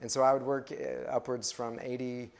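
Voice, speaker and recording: A man in his fifties tells his own life story in a relaxed, halting way. He keeps restarting his sentences and fills the gaps with uh and um, like a missionary giving his testimony. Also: mid-range voice, gravelly. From West Texas. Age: 50s. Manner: storytelling, many restarts and fillers. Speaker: missionary speaker. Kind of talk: personal testimony in a sermon.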